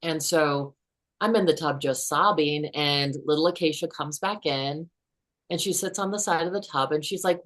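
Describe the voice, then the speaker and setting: A woman in her fifties, a guest author, telling a personal story in an earnest, unhurried way. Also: low voice.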